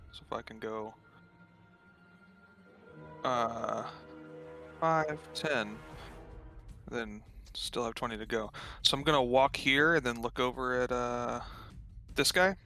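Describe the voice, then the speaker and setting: A man's voice: medium pitch, steady tone, takes it slowly, long pauses, sharp tone, soft background music. A man playing a tabletop game, talking through his moves hesitantly. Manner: hesitant, many fillers. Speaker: player. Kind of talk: casual tabletop game play.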